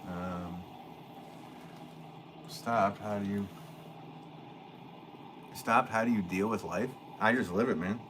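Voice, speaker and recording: A relaxed man with a fairly low voice talks to his live viewers from his pottery studio. He answers their comments in an easygoing way and chuckles often. A faint hum of room noise sits under his voice. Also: slow, long pauses. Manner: laid-back, chuckles often. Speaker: potter hosting a livestream. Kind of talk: casual live chat, reading viewer comments aloud.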